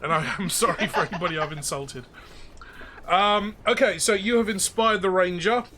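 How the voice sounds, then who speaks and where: Bright high-voiced man running a tabletop game. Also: normal speed, a little hiss or hum. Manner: chatty, joking narration with fillers. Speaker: game master.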